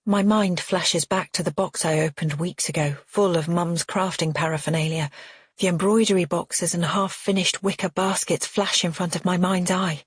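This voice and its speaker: Husky, low-voiced woman narrating. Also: steady tone, normal speed, no room sound, studio quality. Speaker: audiobook narrator. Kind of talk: first-person scripted narration.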